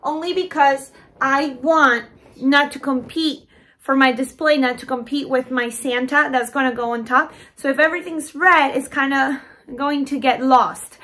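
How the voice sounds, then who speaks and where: A woman's voice: high-pitched, fairly even intonation, moderate pace, a bit bright. A woman giving a DIY tutorial as a balloon decorator, chatting to viewers and gushing over her work. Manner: chatty, keeps addressing viewers as "you guys".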